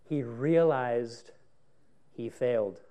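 A male pastor preaching a sermon with dramatic swings between hushed and raised lines, acting out dialogue from scripture. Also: mid-range voice, drawn-out words.

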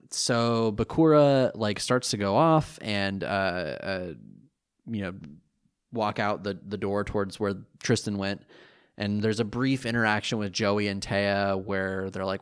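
A man's voice: fairly low pitch, clear, resonant tone. A man in his thirties co-hosting a podcast in casual chat, rambling, self-deprecating and laughing often. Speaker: podcast co-host.

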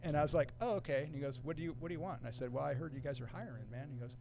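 A middle-aged man telling a long story in a relaxed, casual way, using surfer slang and acting out other people's quoted lines. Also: on the high side, racing, vocal fry. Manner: laid-back surfer talk, acts out quoted voices. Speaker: podcast guest.

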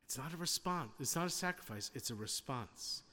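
A man's voice: medium pitch, expressive, a little fast, pushed and bright, big-room sound, slight background noise. A man preaching a sermon in a conversational way, asking the congregation questions and acting out little scenes. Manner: conversational, with rhetorical questions and acted-out quotes.

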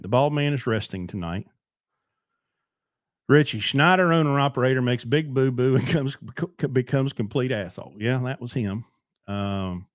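A man's voice: medium pitch, no room sound, clean studio sound. A middle-aged man hosting a solo talk show, ranting bluntly and heatedly about trucking in a rambling way. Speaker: podcast host, trucking business owner.

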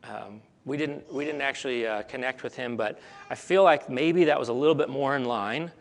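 A middle-aged male pastor preaching a sermon in a storytelling way, climbing to emphatic peaks and dropping soft again, and often repeating words as he thinks aloud. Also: medium pitch, moderate pace, a little hiss or hum.

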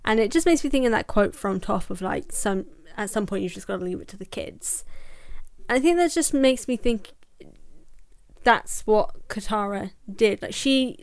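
A young woman with a posh British accent in casual podcast chat, thoughtful and quick to laugh. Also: mid-range voice, animated. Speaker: podcast guest, video creator.

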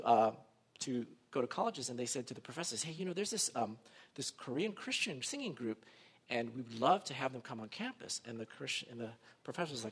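A pastor delivers a sermon in a high, ringing male voice. He tells the story with lively swings from loud exclamation to near-hushed narration, slipping into the voices of the people he quotes.

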